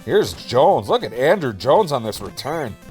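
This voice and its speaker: A man doing relaxed, jokey play-by-play commentary over a video football game, with self-deprecating asides. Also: mid-range voice, a little slow, soft background music.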